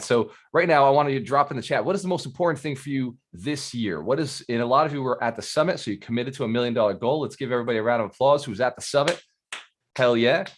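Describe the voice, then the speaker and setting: A man in mid-range pitch leads a live coaching session with plenty of energy. He talks directly to his listeners and keeps asking them questions to pull them in. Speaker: real estate mentor. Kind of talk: live coaching talk to an audience.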